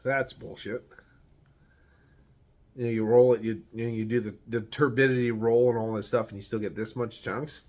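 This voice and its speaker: A man's voice: medium pitch, steady tone, normal speed, a little mellow. A man from the United States giving a casual, rambling beer tasting review, searching for words and swearing now and then.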